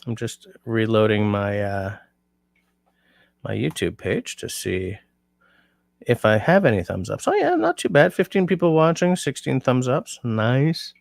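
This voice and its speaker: A man's voice: fairly low pitch, unhurried, creaky, darkish tone, dry recording, studio quality. A tired man hosting a casual livestream, rambling and reading out comments from his chat. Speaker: livestream host.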